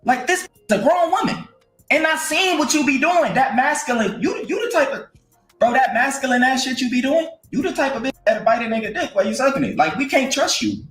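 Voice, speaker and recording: A man's voice: very high voice, animated, fairly quick, fairly bright tone. Blunt, scolding man in a roomy echo. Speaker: streamer commentator. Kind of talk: casual streaming commentary. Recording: roomy echo with faint music.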